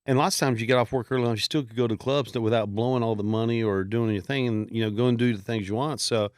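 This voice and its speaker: A middle-aged man spinning a long, rambling story as a podcast guest, slipping into other people's voices when he quotes them. His voice sits at an ordinary pitch for a man, and the room is completely dry and close. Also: steady tone, fast, darkish tone, clean tone, no echo. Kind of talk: casual storytelling chat.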